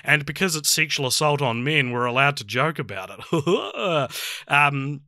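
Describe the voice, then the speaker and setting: A young man co-hosting a casual film review podcast, chatty and laughing often, with halting restarts. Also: a little high, animated, sharp tone, no room sound, clean studio sound. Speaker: podcast co-host.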